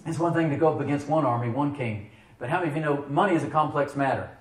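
A middle-aged male pastor delivers a sermon in a relaxed, conversational way, often turning to the congregation with questions. His voice sits a little higher than most men's. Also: fast.

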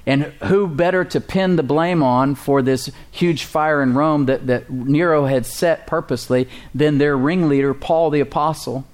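A man's voice: on the high side, a little slow, hardly any pauses, a little mellow. A man preaching a sermon as pastor, emphatic and full of rhetorical questions to the congregation. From United States.

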